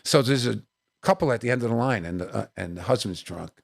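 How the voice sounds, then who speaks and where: Here a comedian guest talks fast in a creaky, medium-pitched voice while trading anecdotes in a podcast studio interview. Animated throughout, he performs the voices in his stories and frequently adds "you know what I mean."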